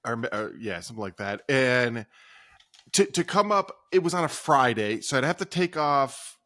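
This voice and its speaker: A man's voice: medium pitch, lively intonation, normal speed, bright, forceful tone. A man in his forties co-hosting a podcast, joking and teasing his friend in casual chat, very close on a hot mic. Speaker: podcast co-host. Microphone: close desk mic, too hot.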